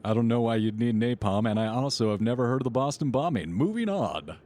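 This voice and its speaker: A man's voice: medium pitch, expressive, a little fast, mellow. A man joking wryly as game master in a casual tabletop game session. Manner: wry, joking.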